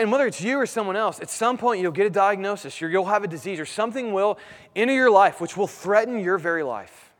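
A man in his thirties preaches a sermon, a pastor talking to his church in a conversational style and posing rhetorical questions. His voice sits a little higher than most men's. A long reverb trails behind him, as in a church sanctuary.

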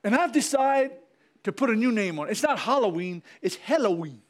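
Pastor, male, fiery sermon delivery, very high and lively pitch. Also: fairly quick. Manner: fiery preaching with repetition and calls to the congregation.

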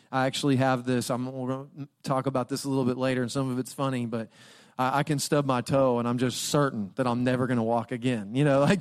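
A man's voice: mid-range voice, clean tone. A young man preaching as a guest speaker, telling funny personal stories in a conversational way and laughing often before turning to his sermon. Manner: conversational, jokey storytelling with frequent laughs.

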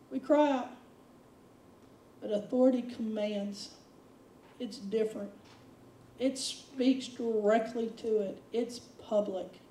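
A woman preaching a sermon, animated, acting out quotes with big swings of voice. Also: a little high, reverberant, recorded from a distance, poor audio. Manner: animated, dramatic quoting with voice swings.

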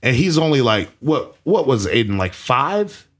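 A man's voice: mid-range voice, measured pace. A man telling a rowdy story in casual talk, swearing heavily and laughing as he goes. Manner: animated, heavy swearing, laughing.

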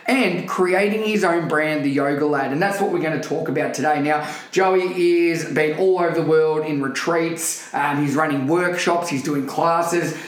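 A man's voice: a little high, moderate pace, hardly any pauses. A man hosting a podcast interview, enthusiastic and matey, calling his guest mate. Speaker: podcast host. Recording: roomy echo with faint music.

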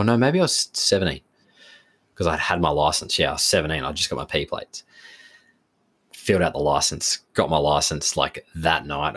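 With a slightly rough bass voice, an Australian podcast co-host launches into a long story during casual chat. His retelling rambles and is animated, packed with acted-out lines of quoted dialogue.

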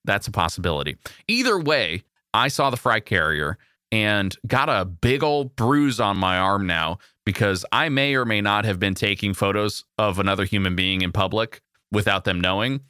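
A man co-hosting a podcast in a playful chat. His voice is bright and sits low, and his pitch swings a lot. The sound is dry and close to the mic. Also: animated, normal speed, smooth, no room sound. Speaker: podcast co-host.

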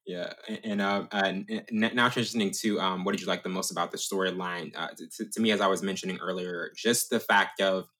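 A man's voice: deep voice, steady tone, brisk, hardly any pauses, pushed and bright. A man hosting a casual film discussion, often stammering and restarting as he asks questions. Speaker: podcast host.

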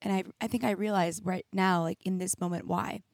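Her voice is lowish and darkish, steady in tone, brisk and creaky, captured dry and clean on a studio mic while she wears headphones. Hosting her own podcast, the young woman delivers an emotional solo monologue, candid and reflective, at times tearful and packed with "like."

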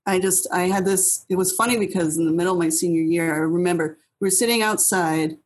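Brisk and husky, her fairly low voice holds a fairly even intonation, though the audio is poor. She's a woman in her thirties from New Hampshire, an interview guest trading blunt, casual stories, cursing freely and reenacting things she used to say.

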